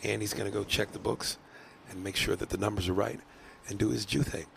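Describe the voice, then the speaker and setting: Deep gravelly joking male podcast host. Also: fairly even intonation, fairly quick, no echo. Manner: loose, joking wrap-up banter. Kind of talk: casual comedy podcast chat.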